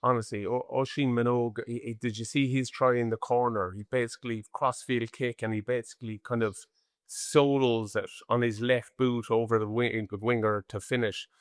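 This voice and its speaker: A man's voice: medium pitch, normal speed, no echo. Chatty Irish man, dry close sound. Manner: animated, rambling, chatty. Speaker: rugby podcast co-host. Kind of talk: casual chat.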